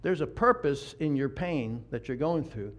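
A man preaching a sermon as pastor, moving from quiet, intimate passages to loud, rousing ones. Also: mid-range voice, animated, normal speed.

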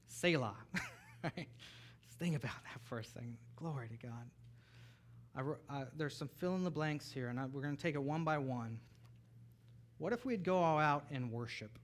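Lively preaching man, high voice. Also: normal speed, long pauses, a little hiss or hum. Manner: animated, rises to near-shouting bursts and drops to soft asides. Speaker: pastor. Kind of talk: sermon.

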